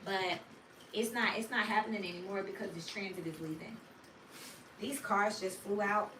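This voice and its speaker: A woman's voice: mid-range voice, normal speed, noisy background. A woman giving a casual tarot reading in a blunt, slangy way, cursing freely and telling stories with a lot of animation. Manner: animated storyteller. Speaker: tarot reader. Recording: roomy echo, distant mic.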